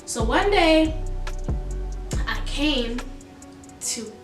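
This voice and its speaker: A woman's voice: high-pitched, very slow, reverberant, far from the mic, loud music behind the voice. A young woman with a Southern US accent, telling a story casually and animatedly, acting out what people said. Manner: animated, acts out quoted dialogue.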